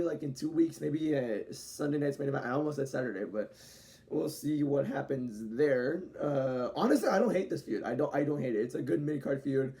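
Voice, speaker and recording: Gravelly-voiced young man rambling a review. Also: medium pitch, mellow. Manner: rambling, self-correcting, laughs often. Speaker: wrestling show reviewer. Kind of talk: casual review monologue.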